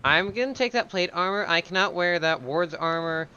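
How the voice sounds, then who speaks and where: A man's voice: high-pitched, normal speed, pushed and bright, lo-fi sound, slight background noise. A man chatting casually while playing a video game with friends, eager for gear but hesitant, with many fillers. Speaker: game streamer, player. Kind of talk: casual gaming chat.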